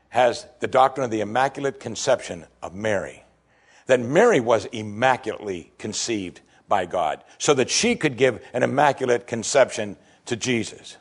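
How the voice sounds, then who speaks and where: A man preaching a sermon, emphatic and animated, acting out quoted lines from the scripture. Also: lowish voice, slightly rough. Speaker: pastor.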